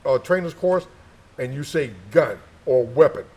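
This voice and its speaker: A man's voice: on the high side, normal speed, a little mellow. A middle-aged man, a former sniper instructor, telling stories in casual chat, acting out quoted dialogue and repeating names for effect. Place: gun shop.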